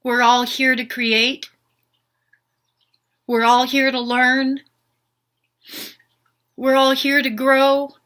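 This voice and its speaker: Earnest older woman, slow and bright. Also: high voice, little pitch movement. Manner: earnest, pleading, repetitive rhetorical questions. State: emotional. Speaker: spiritual healer vlogger. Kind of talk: unscripted heartfelt monologue.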